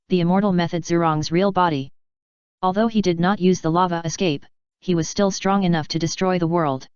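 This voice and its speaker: A woman reads a novel aloud in steady, scripted audiobook narration. Her voice sits a little low and comes across very smooth and clean. The recording is dry and close, with a slightly dull, muffled tone. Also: no room sound.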